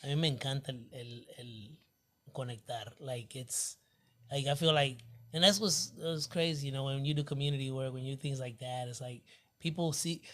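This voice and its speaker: A man telling lively stories in casual chat, acting out other people's lines and saying "bro" a lot. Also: medium pitch, normal speed. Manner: animated storyteller acting out quoted voices, says "bro" often. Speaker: guest DJ. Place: nightclub.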